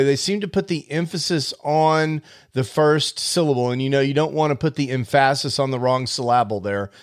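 A man hosting a podcast, explaining editing software in a casual, conversational monologue with wry asides. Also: fairly high pitch. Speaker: podcast host.

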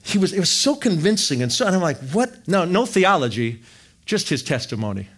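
A middle-aged man from Wisconsin telling his faith story in an animated, jokey storytelling manner. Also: fairly high pitch, a little fast. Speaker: speaker sharing testimony. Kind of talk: storytelling testimony talk.

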